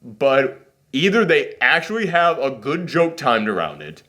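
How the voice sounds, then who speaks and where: A man's voice: mid-range voice, big pitch swings, measured pace, bright, forceful tone. A man hosting a casual movie reaction chat, rambling and self-deprecating, with a runny nose. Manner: rambling, self-deprecating, acts out quotes in silly voices.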